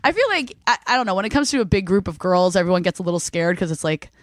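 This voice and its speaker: A young woman co-hosting a podcast, telling a story in a casual, animated way with lots of fillers. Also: on the low side, fast talker, no room sound. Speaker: podcast co-host. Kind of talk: casual chat.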